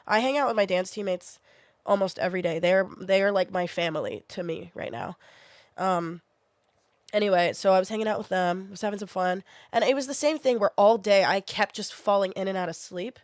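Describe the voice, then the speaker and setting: A young woman with a mid-range voice streams from her bedroom, telling her chat a story in a casual, chatty way and acting out the lines she said back then. There is no echo on the recording.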